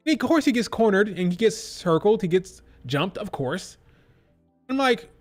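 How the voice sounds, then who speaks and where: A man's voice: sits high, sing-song, brisk. A man hosting a wrestling review stream, ranting in a blunt, exasperated way and swearing casually.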